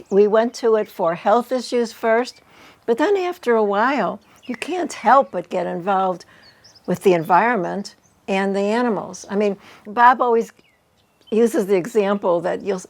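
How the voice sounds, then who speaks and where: A woman in her eighties with a gravelly, creaky voice at an ordinary pitch. She explains things earnestly and plainly, with soft laughs now and then. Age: 80s. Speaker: interview guest. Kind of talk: casual chat.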